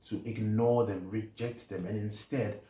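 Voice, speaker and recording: Low-voiced South African man, measured and hesitant. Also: fairly even intonation, warm tone. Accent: South African English. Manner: measured, hesitant, many fillers. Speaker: counselling psychologist. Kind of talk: reflective personal talk. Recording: echoey room with faint noise.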